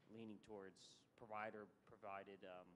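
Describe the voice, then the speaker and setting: A man speaking on a conference panel as a service provider, talking quickly and often repeating words as he restarts. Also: fairly low pitch, flat delivery, fairly bright tone, slight background noise.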